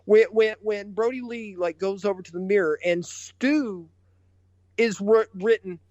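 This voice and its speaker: Excitable, foul-mouthed male podcast host. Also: high voice, measured pace, no echo, highs cut off. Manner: excitable, swears a lot, laughs while retelling. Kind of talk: casual profane chat.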